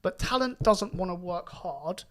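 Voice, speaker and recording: A young man telling his story in a casual podcast chat, animated and swearing now and then. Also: sits high, measured pace. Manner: animated, rising loud when excited, swears casually. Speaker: podcast guest karate champion.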